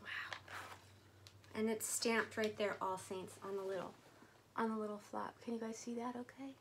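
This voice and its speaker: A woman vlogger chatting casually to her viewers as she unboxes items, gushing and excitable. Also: medium pitch, normal speed, slight background noise.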